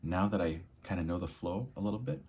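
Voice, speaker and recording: A man tutoring English reading in an energetic, expressive lesson, swinging between quiet and loud. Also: sits low, fast, gravelly, slightly rough. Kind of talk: energetic spoken lesson with read-aloud demos.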